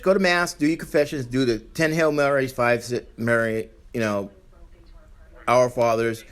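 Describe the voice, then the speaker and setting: A man's voice: mid-range voice, lively intonation, normal speed. A man hosting a podcast, delivering an angry, profane, blunt rant. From Arizona, US. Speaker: podcast host. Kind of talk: ranting monologue.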